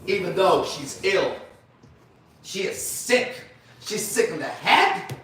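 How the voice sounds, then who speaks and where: A man's voice: sits high, sing-song, slow pace, a bit bright, slight background noise. A man preaching to a men's group, blunt and emphatic, repeating phrases for stress. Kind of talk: sermon-style teaching. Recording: very echoey room, voice far from mic.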